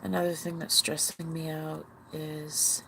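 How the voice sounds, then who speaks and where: A woman's voice: deep voice, flat delivery, a little slow, vocal fry, bright, forceful tone, a little hiss or hum, low-quality recording. A woman hosting a livestream, venting bluntly and with profanity to her viewers, with sighs and short laughs. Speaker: livestream host.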